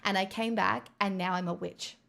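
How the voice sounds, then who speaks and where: A woman's voice: mid-range voice, fairly even intonation, normal speed, creaky, a bit bright. A woman livestreamer chatting casually on a headset mic, bubbly and rambling with self-mocking jokes.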